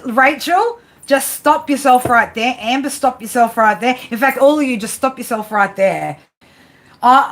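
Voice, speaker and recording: A woman's voice: high voice, fairly bright tone. A woman doing live tarot readings, chatty and rambling, often restarting her sentences. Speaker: tarot reader.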